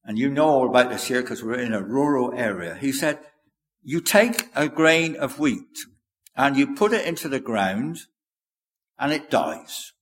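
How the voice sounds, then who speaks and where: A man preaching a sermon in a measured, earnest way, quoting scripture aloud. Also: medium pitch, lively intonation. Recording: echoey hall with long reverb.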